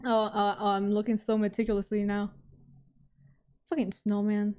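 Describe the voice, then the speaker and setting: A woman's voice: mid-range voice, little pitch movement, normal speed, dark tone, clear, resonant tone. A young woman streamer talking to herself through a horror game, jumpy and pleading, then joking at her own expense. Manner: jumpy, talks to herself, pleading and self-mocking. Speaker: VTuber streamer.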